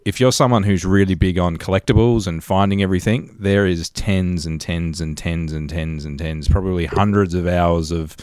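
A man's voice: sits low, normal speed, few pauses, a little mellow, clear, resonant tone, dry recording, studio quality. A man co-hosting a casual gaming podcast, easygoing and agreeable. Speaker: podcast co-host. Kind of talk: casual chat.

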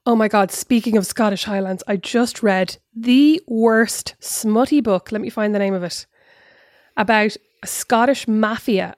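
Woman, podcast co-host, teasing, chatty, middle pitch, dry close sound. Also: no echo. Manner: chatty, teasing, quick to laugh. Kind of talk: casual chat.

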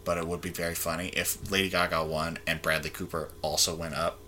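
A man's voice: low-pitched, little pitch movement, brisk, bright, forceful tone, slight background noise, rough recording. A young man co-hosting a casual movie chat, opinionated and swearing freely. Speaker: podcast co-host.

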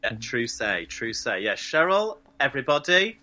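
Bright, animated drag performer. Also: male voice, mid-range voice, moderate pace. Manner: animated, exclamatory, laughs often. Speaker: podcast guest, drag performer. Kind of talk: casual chat.

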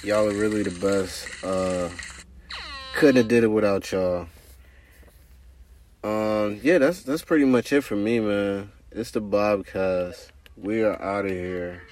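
A man hosting a podcast, signing off in a relaxed, laid-back casual chat. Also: fairly low pitch, slow. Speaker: podcast host.

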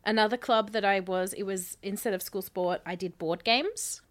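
A woman's voice: medium pitch, moderate pace. A woman, co-hosting a podcast and telling childhood stories in a casual, chatty way. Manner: chatty storytelling, laughs often. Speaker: podcast co-host. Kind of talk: casual chat.

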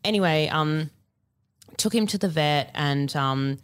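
Woman, lowish voice, casual comic storytelling, rambling, filler-heavy, studio mic. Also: measured pace, clean tone. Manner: rambling, filler-heavy, laughs through punchlines. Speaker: podcast panelist.

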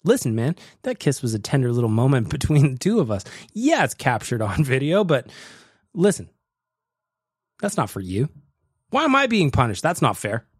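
A man's voice: medium pitch, wildly swooping pitch, normal speed, slightly rough, no room sound, studio quality. A man hosting a podcast, chatting casually and joking, laughing often. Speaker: podcast host.

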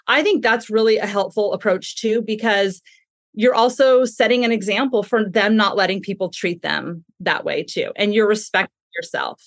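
Calm, explanatory woman with a dry sound. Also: medium pitch, moderate pace, no room sound. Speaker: parenting expert guest. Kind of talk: podcast conversation.

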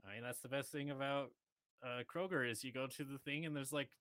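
A man's voice: mid-range voice, fairly even intonation, fairly quick, fairly bright tone, no echo. A man co-hosting a podcast in casual chat, teasing and laughing a lot. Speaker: podcast co-host.

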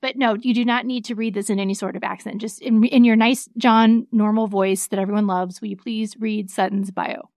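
A woman's voice: mid-range voice, fairly even intonation, a little fast, hardly any pauses, darkish tone, dry recording. Chatty woman podcast host, dry close mic. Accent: Southern American, mostly hidden. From American South. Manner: chatty, laughs at herself. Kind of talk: casual legal podcast chat.

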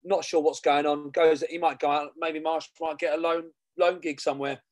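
A man's voice: a little high, level tone, normal speed, no room sound. A man co-hosting a fan podcast, rambling in casual football chat and repeating himself. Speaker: podcast co-host.

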